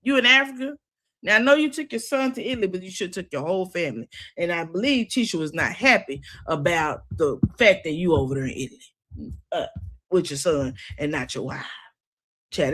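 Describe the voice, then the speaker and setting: A woman's voice: low-pitched, breathy edge. A middle-aged woman hosting a recap show, chatting casually and with sass. She talks straight to her viewers and laughs often. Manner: sassy, animated, quick to laugh. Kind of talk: casual opinionated chat.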